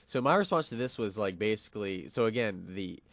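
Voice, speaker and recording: A man's voice: on the low side, lively intonation, fairly quick, dry recording. A young man co-hosting a college radio show, explaining a philosophical argument with lots of fillers and restarts. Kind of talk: casual philosophical discussion.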